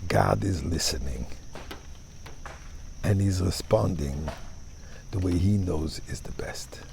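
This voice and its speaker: A man's voice: low-pitched, slow pace, creaky, background noise. A man, a rabbi, giving a fervent sermon and telling a parable with emphatic storytelling.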